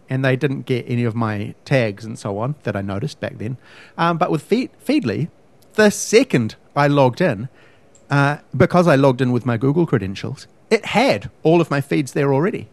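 A man's voice: medium pitch, vocal fry, dry recording. Ranting podcast man, dry sound. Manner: ranting, emphatic, pedantic about words. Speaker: podcast co-host. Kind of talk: casual chat.

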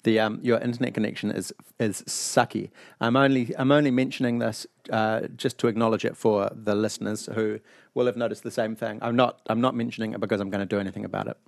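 A man hosting a casual podcast chat, telling stories in a profane, animated way. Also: lowish voice, fast, creaky, dry recording, clean studio sound. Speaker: podcast host. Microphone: online call mic.

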